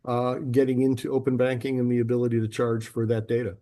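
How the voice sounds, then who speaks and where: A man hosting a fintech podcast, talking in a chatty, animated way with frequent restarts. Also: medium pitch, quick pace. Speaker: podcast host. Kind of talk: casual podcast conversation. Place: local to Atlanta.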